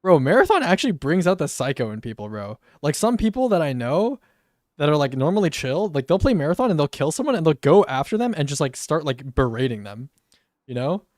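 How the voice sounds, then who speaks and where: A man's voice: fairly high pitch, big pitch swings, fairly quick, darkish tone, dry recording, clean studio sound. A young man streamer chatting casually and slangily while he plays. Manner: laid-back and slangy, often says "bro". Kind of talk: casual live-stream chat.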